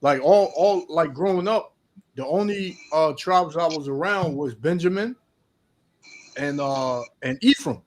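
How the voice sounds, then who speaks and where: A man's voice: on the high side, unhurried. A man talking in a casual religious discussion, rambling with frequent restarts.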